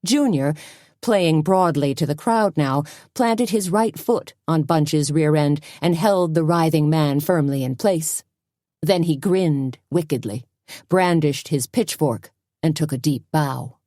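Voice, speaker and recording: A woman narrating a cozy mystery audiobook in an expressive storytelling manner. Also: low voice, slow, dry recording, studio quality. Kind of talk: scripted narration.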